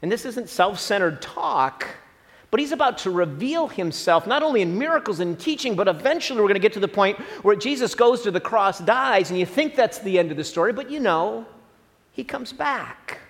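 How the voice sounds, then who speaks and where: A middle-aged man from Southern Illinois preaching a sermon as a pastor, conversational and animated, with asides to his congregation. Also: high voice, moderate pace, creaky. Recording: long reverb of a hall.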